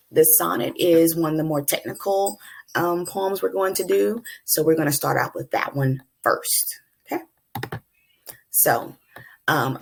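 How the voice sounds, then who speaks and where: A teacher gives a classroom lecture in a low voice with gravelly fry, talking in a relaxed, chatty way. She calls her students y'all and fills pauses with frequent ums, and there's a little hiss or hum in the audio.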